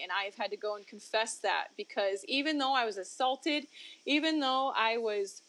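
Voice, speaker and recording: A woman who founded a ministry shares a candid personal testimony as an interview guest, speaking in conversation with a high-ish voice. She is expressive, swinging her pitch up for emphasis and laughing between points.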